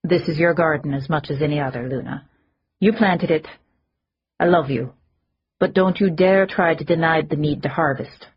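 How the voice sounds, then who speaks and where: A woman reading the part of a weary noble male fae duke in an audiobook, speaking in a tired, measured way. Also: sits low, a little hiss or hum. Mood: stern. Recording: slightly muffled audio.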